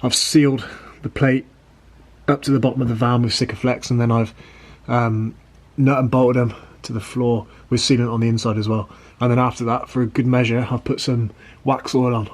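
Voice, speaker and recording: A man's voice: medium pitch, level tone, normal speed. A British man giving casual commentary while fitting out a van, swearing freely and making dry, self-mocking asides. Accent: British English. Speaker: van conversion vlogger. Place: workshop, under and inside a van. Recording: noisy workshop recording with clicks.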